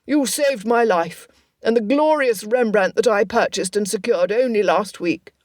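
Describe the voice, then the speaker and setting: Woman doing a pompous excitable prince, grand and exclaiming, storybook, dry sound. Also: mid-range voice, a little slow, dry recording, natural voice. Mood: exuberant. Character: pompous grateful royal man, excitable.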